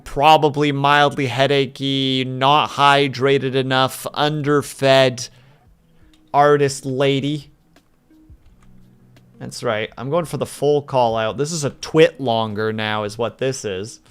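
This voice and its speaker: A man's voice: medium pitch, steady tone, slow pace, a bit bright, smooth, faint music behind. A male streamer chatting casually while drawing, telling rambling stories and teasing his viewers. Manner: rambling anecdotal storytelling; playful teasing.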